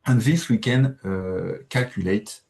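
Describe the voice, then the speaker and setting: Low-voiced French-accented man presenting. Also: gravelly. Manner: halting, many fillers, uneven loudness. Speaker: presenter from a crop institute. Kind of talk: webinar presentation.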